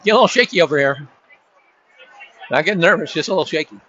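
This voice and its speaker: A man doing casual play-by-play for a high school football game at the stadium, chatty and rambling, with joking asides to friends. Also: expressive, quick pace, a bit bright, breathy edge. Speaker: play-by-play announcer. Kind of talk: casual local sports commentary. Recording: dull lo-fi sound with faint crowd ambience.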